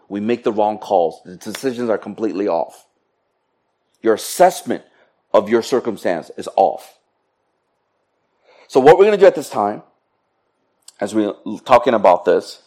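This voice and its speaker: A middle-aged man preaching a sermon in a lively, joking way with playful asides to the congregation. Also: on the low side. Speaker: pastor.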